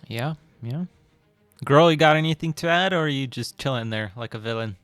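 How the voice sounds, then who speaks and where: A man hosting a live esports cast in a relaxed, chatty way, laughing easily with his co-casters. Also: medium pitch, fairly quick, dry recording, faint music behind. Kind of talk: casual live-stream casting chat.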